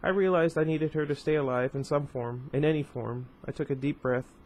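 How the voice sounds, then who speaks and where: A man's voice: a little high, fairly even intonation, brisk, darkish tone, slight background noise, poor audio. A man reading a novel aloud in first person, dropping offhand asides and correcting himself as he goes. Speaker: book reader. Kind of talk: casual read-aloud of a novel.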